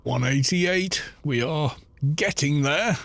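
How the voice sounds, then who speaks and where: A man's voice: fairly high pitch, takes it slowly, vocal fry, fairly bright tone. A middle-aged British man chatting casually while streaming a game, rambling through anecdotes and swearing now and then. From Britain. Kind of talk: casual chat while gaming.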